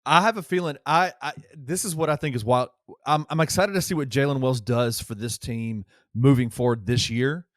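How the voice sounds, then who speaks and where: A man's voice: mid-range voice, normal speed, few pauses, dry recording, clean studio sound. A man hosting a sports podcast in casual conversation, often restarting his sentences. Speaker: podcast host.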